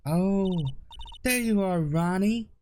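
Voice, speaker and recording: A man's voice: high voice, slow, a little mellow, faint music behind, pitched above the performer's own voice. A man doing a sugary Southern girlfriend. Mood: doting. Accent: put-on American Southern. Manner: sugary, fussing endearments. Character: sweet doting Southern girlfriend.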